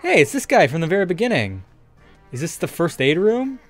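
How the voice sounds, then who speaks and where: A man's voice: high voice, big pitch swings, fairly quick, faint music behind. A man giving casual gameplay commentary, swearing often and joking through his frustration. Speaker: let's play gamer.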